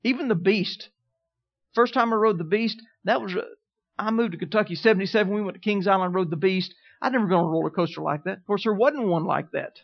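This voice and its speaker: Male preacher, middle-aged, high voice, storytelling sermon style, dull lo-fi recording. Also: quick pace, creaky. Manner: storytelling preacher, calls out "Amen?" to the congregation. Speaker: pastor.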